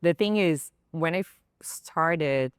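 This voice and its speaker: A woman's voice: low voice, takes it slowly, clean tone, no room sound, studio quality. A woman with a Brazilian accent, a podcast guest speaking frankly and with laughter in a casual roundtable chat. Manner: frank, laughing, animated storytelling.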